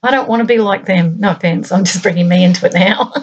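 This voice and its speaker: Husky-voiced woman thinking aloud. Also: fairly low pitch, highs cut off. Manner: thinking aloud in short, halting phrases. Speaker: channel host. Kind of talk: reflective spoken monologue.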